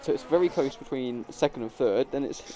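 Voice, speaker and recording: A man's voice: mid-range voice, fairly quick, warm tone. A man co-commentating a sim race, chatty and often tripping over names and numbers. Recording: clear background noise.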